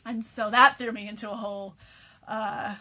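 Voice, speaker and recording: A woman's voice: medium pitch, fairly even intonation, normal speed, pushed and bright. Tired, candid woman talking. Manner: candid, rambling, with frequent fillers and restarts; laughs often mid-sentence. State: tired after an all-nighter. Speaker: program host. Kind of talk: personal video message.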